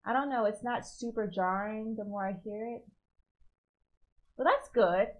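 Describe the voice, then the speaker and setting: A woman streamer giving casual, animated reaction commentary and answering viewer comments as she goes. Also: medium pitch, measured pace, low-quality recording. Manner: chatty, reads viewer comments aloud, animated.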